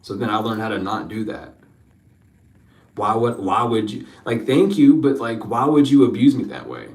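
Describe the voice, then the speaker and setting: A man's voice: lowish voice, lively intonation, moderate pace, roomy sound, recorded from a distance, poor audio. A man giving an emotional spiritual reading, rambling, repeating his questions and swearing freely. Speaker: spiritual card reader.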